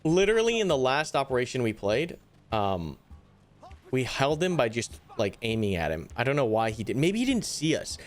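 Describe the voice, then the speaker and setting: A young man giving live commentary on a tactical shooter, animated and easily exasperated, groaning and swearing at setbacks. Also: mid-range voice, moderate pace, soft background music. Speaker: gaming YouTuber.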